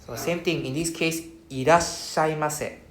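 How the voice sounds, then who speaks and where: A woman with a Singaporean accent, teaching Japanese pronunciation in a classroom, patient and slow when repeating words. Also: extremely low pitch. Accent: Singaporean English. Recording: echoey classroom with faint noise.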